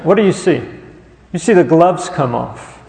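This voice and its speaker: Male pastor, sermon delivery, fairly high gravelly voice, long church-hall reverb. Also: animated, a little mellow. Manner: rhetorical questions, pauses on listed words.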